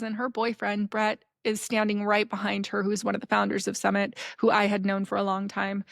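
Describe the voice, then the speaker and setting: A woman hosting a podcast, telling a personal story in a chatty, animated way with many fillers. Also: mid-range voice, creaky, no room sound, studio quality. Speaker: podcast host.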